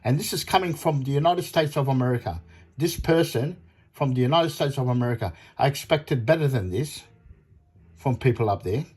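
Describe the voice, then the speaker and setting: Husky man ranting indignantly. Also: mid-range voice, brisk, darkish tone. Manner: indignant, repetitive, retells phone calls with quoted voices. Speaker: audio kit seller. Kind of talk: ranting monologue.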